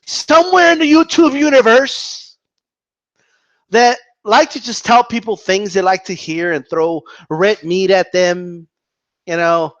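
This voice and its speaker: A man rants about boxing in casual commentary, his unhurried voice recorded lo-fi with no room sound. Animated and argumentative, he often repeats himself and mocks opponents in high voices.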